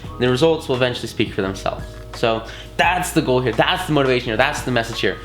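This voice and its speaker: A man's voice: mid-range voice, fast talker, fairly bright tone, roomy sound, faint music behind. Enthusiastic man teaching a course. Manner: enthusiastic, slangy, many fillers and restarts. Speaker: course instructor. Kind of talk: casual recorded course lesson.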